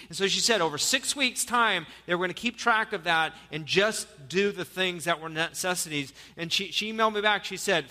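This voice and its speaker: Bright-voiced man preaching a sermon. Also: high voice, moderate pace, big-room sound. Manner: storytelling with jokes, earnest and exhorting. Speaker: pastor. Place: church sanctuary.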